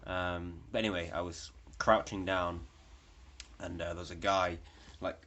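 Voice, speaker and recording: A man's voice: low-pitched, flat delivery, a little slow, a bit bright. A young man telling a story in a rambling, casual way, with lots of fillers and swearing. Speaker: vlogger.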